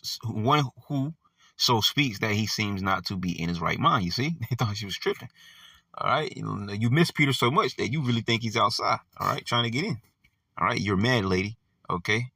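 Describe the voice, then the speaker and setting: A man's voice: lowish voice, normal speed, gravelly, sharp tone, breathy edge, no room sound, far from the mic. A man leading an informal bible study, reading verses and explaining them in a conversational, slangy way with frequent check-ins. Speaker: bible teacher.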